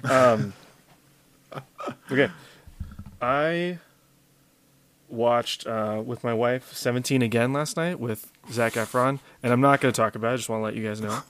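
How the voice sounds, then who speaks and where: A man from Louisiana with a mild accent, co-hosting a podcast in a relaxed, rambling chat full of fillers. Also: medium pitch, unhurried, long pauses. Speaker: podcast co-host. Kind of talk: casual chat.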